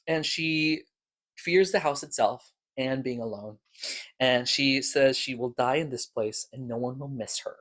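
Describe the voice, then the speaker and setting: A man talks through podcast episodes in a loose, rambling recap, leaning on filler words and doubling back as he goes. His voice sits at an ordinary middle pitch for a man. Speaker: podcast reviewer.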